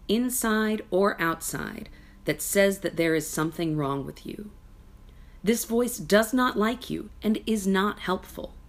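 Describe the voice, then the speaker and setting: A woman hosting a podcast, reading aloud from a self-help book in a gentle, soft-spoken way and adding casual side comments. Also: on the low side. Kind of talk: reading aloud with personal asides.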